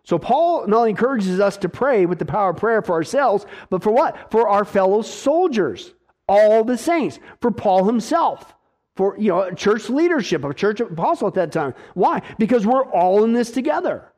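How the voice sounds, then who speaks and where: A man delivers a sermon in a notably high voice. He speaks emphatically and keeps checking in with the congregation with a quick rhetorical question. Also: sing-song, a little mellow. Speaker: pastor.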